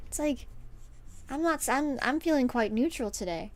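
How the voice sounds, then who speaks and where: A woman's voice: high-pitched, moderate pace. Give me a young woman streamer telling a rambling story over faint background music. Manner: animated, rambling, full of fillers and laughs. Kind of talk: casual storytelling chat while drawing.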